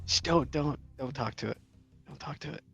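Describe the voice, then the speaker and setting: A man's voice: on the high side, normal speed, vocal fry, fairly bright tone, soft background music. A man playing a tabletop game in casual chat, cautious and wry. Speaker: player.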